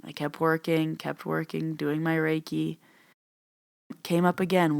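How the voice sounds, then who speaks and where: A woman's voice: deep voice, fairly even intonation, moderate pace, vocal fry, darkish tone, no room sound, clean studio sound. A young adult woman, a podcast host and medium, casually retelling a session and acting out both sides of the conversation in a chatty way. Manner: chatty, uses lots of "like". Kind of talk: casual storytelling monologue.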